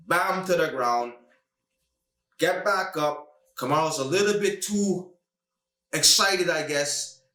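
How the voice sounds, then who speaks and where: A man hosting a casual podcast, talking fast and emphatically about a fight, now and then mimicking other people. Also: on the high side, bright, forceful tone. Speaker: podcast host. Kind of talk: animated casual podcast rant. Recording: echoey room, distant mic.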